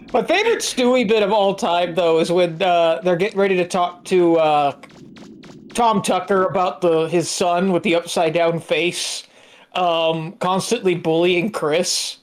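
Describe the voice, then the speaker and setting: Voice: medium pitch, measured pace, slight background noise. A person chatting casually on a game stream, joking and telling funny stories. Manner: joking, laughs while talking. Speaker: stream co-host.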